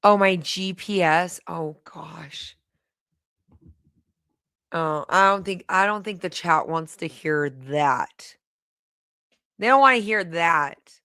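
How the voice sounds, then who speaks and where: Excitable woman chatting on a livestream. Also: on the low side, takes it slowly, long pauses, dry recording, studio quality. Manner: excitable, chatty, laughs often. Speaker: livestream host. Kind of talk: casual livestream chat.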